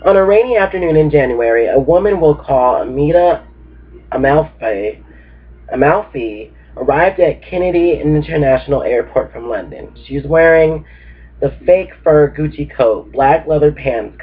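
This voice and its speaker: A man's voice: on the high side, lively intonation, normal speed. Sleepy man reading a book aloud, tinny. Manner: laid-back, reads with informal asides. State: sleepy, just woke up. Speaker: book reader. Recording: tinny phone-like recording.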